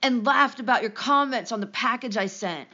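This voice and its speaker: Goofy California surfer dude, played by a woman. Drawling, pitched up. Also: normal speed, pushed and bright. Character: laid-back male surfer dude writing in. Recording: dull lo-fi recording.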